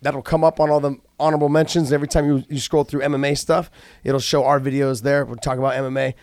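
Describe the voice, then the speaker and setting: A man co-hosting a podcast in casual chat, laid-back and rambling, clearing his throat often. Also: medium pitch, flat delivery, quick pace, darkish tone, no echo, clean studio sound. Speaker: podcast co-host.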